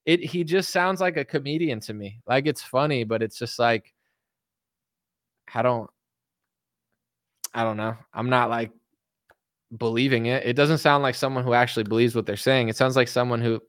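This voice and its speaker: Animated man riffing on a stream. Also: medium pitch, clean tone, dry recording, studio quality. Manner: animated, lots of "like" and restarts, slips into mock voices. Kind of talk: casual commentary stream.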